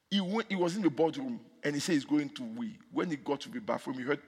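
A male preacher delivering a fervent sermon with commanding declarations, in a husky voice. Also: medium pitch, fairly quick. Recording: echoey hall.

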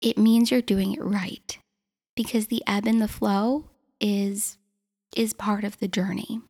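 Podcast host, woman in her twenties, earnest and encouraging, gravelly vocal fry, solo monologue. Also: medium pitch, flat delivery, a little slow, a little mellow. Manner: earnest, encouraging, self-reflective.

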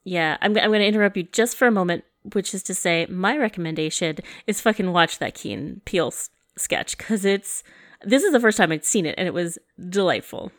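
A woman's voice: lowish voice, lively intonation, a little fast, no echo, studio quality. A woman co-hosting a casual podcast chat, rambling with many hesitations and playful teasing. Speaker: podcast co-host.

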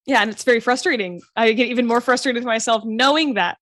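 A woman's voice: on the high side, fast talker, a bit bright, no room sound. A woman co-hosting a casual chat, self-deprecating and laughing often.

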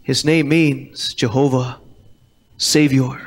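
In a church sanctuary, a pastor preaches a sermon in a mid-range voice with fairly even intonation and a slow pace. He is emphatic, repeats key words, and quotes scripture in old-fashioned King James wording.

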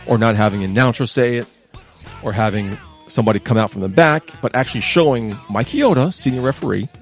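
A man in his thirties hosting a casual talk show, chatty and sarcastic with lively asides. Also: medium pitch, fast talker, soft background music. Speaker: podcast host.

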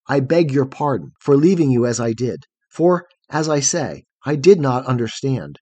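A man voicing a young man who is frightened of the dark and speaks in a fearful, pleading way. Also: mid-range voice, expressive, moderate pace, no echo, close to an everyday voice. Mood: apologetic.

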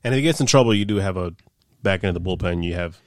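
A man co-hosting a casual sports chat, relaxed and conversational. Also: sits low, very fast, dry recording, clean studio sound. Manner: relaxed, conversational, talks betting. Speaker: podcast co-host.

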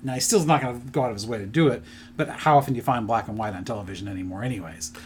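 A middle-aged man chatting on a podcast, rambling as he retells a story with plenty of ums and uhs. His voice sits at an ordinary pitch for a man, with a faint hiss of noise behind it. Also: racing. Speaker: podcast co-host presenting his picks. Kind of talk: casual chat.

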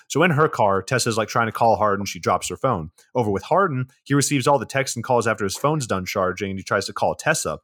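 A man's voice: fairly low pitch, fast, hardly any pauses, a bit bright, dry recording. Podcast co-host, male, loose and profane, dry recap delivery. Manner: laid-back, profane recapping with mocking quotes. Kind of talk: casual movie recap podcast.

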